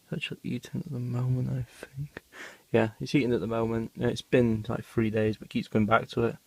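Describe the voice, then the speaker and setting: Filming tarantula feedings for a home vlog, a man narrates off the cuff, rambling with ums and hesitations in a mid-pitched, gravelly-fry voice. He speaks a little fast with little pitch movement, there's no room sound, and he grows hushed when leaning in near the animals.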